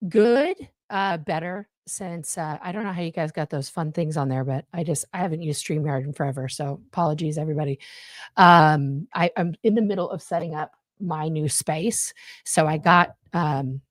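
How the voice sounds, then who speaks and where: The low-pitched voice of a young adult woman, a live-stream guest talking casually from her home room, is captured with studio quality and no echo on a budget USB mic. Her talk wanders, full of fillers and restarts.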